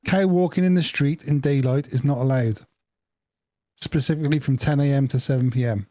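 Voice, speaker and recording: A man with a mellow, relaxed tone, chatting casually and spinning a long, meandering story. His voice sounds dry and close, with no room around it. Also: medium pitch, a little fast, dry recording. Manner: rambling anecdote with laughs and acted-out quotes. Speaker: podcast co-host.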